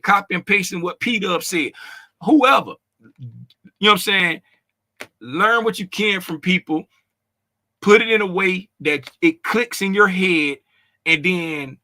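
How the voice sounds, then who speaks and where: A man hosting a casual trading livestream, greeting viewers in the chat by name, talking loud and animated with slangy, conversational phrasing and frequent laughs. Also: high-pitched.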